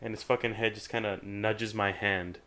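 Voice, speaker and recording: A young man in casual podcast chat tells a rambling story with plenty of swearing, slipping into other people's voices as he goes. His voice sits on the low side and sounds smooth and clean. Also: level tone, normal speed, fairly bright tone. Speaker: podcast guest.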